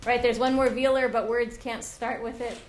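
A woman's voice: fairly high pitch, level tone, normal speed, a little hiss or hum. A woman professor teaching a linguistics class, explaining in a teacherly way. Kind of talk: classroom lecture.

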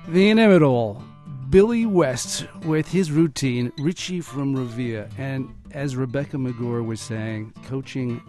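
A man hosting a public radio talk show, speaking in a measured, announcer-like way. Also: mid-range voice, mellow, soft background music. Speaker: radio host.

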